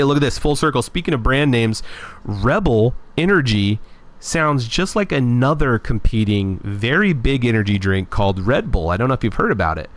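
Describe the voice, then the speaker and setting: A young man hosting a casual live stream, talking in an animated, opinionated way and rambling with frequent restarts. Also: fairly low pitch.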